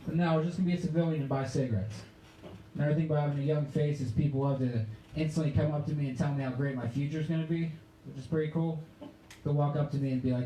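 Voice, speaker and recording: A man's voice: on the high side, steady tone, quick pace, mellow, reverberant, slight background noise, rough recording. A man in his twenties from the Pittsburgh area performing a sarcastic, ranting stand-up set. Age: 20s. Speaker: stand-up comedian. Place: comedy club stage.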